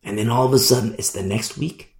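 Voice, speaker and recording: A man preaching a sermon, animated storytelling that acts out the people in it. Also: mid-range voice, fairly quick, vocal fry, roomy sound. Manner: animated storytelling, acting out voices.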